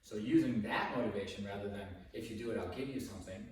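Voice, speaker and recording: A man working as a dog trainer, explaining his methods casually during a session and breaking into high, excited praise for the dog. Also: quick pace, recorded from a distance, slight background noise. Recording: echoey room, voice from off the mic.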